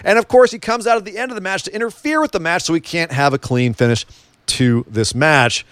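A man's voice: high voice, fairly quick, a bit bright, smooth, no echo, studio quality. A man co-hosting a casual wrestling chat, joking around and asking lots of questions. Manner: chatty, joking, asks many questions. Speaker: wrestling podcast co-host.

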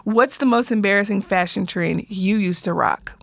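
Playful woman host with a gravelly voice. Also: medium pitch, normal speed, dry recording, studio quality. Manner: playful, teasing, laughs easily. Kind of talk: casual interview chat.

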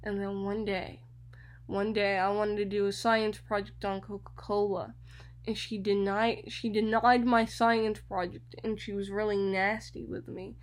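A young woman from Florida, hosting a radio show and telling a personal story in an animated way, often repeating words. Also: mid-range voice, a little slow. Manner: animated, repeats words, addresses listeners as y'all.

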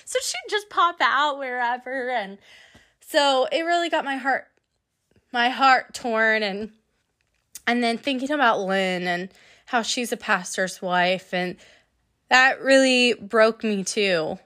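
Earnest, chatty young woman, higher voice. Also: slow, sharp tone. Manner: earnest, chatty, with bursts of laughter. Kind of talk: casual personal faith testimony.

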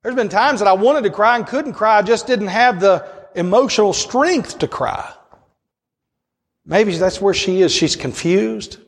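A man preaching a sermon, building to high impassioned cries and dropping to low, hushed storytelling. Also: lively intonation, unhurried, long reverb tail.

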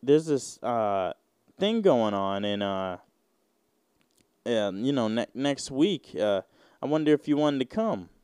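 A man voicing a hesitant, polite woman from his church, halting and full of ums. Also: medium pitch, big pitch swings, a little mellow, clear, resonant tone, dry recording, studio quality.

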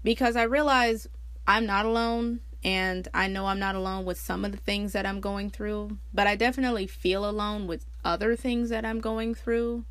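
A woman hosting her own podcast, talking casually and candidly, laughing often and swearing freely as she tells stories with big jumps in pitch. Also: fairly even intonation, moderate pace, a bit bright, dry recording. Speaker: podcast host. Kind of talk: casual personal monologue.

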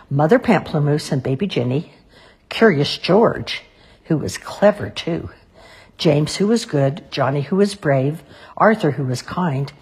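Woman, storybook read-aloud, low voice, very husky, gentle. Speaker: storybook reader.

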